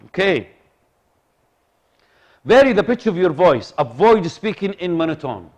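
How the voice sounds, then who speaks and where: A man giving a lively classroom lecture, often repeating himself and asking the room whether they follow. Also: high-pitched, measured pace. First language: Arabic. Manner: animated, repeats himself, asks the audience for agreement.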